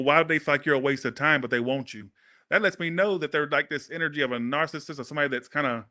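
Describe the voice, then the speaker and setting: A man doing a casual tarot reading, talking straight to his viewers in a blunt, sassy, animated way. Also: on the high side. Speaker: tarot reader.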